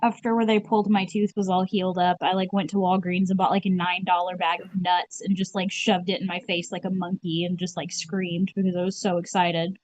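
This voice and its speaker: A woman's voice: on the low side, a little fast, hardly any pauses, slight background noise. A woman telling stories in casual chat, swearing freely and acting out what people said. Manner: animated storyteller, swears, acts out quotes.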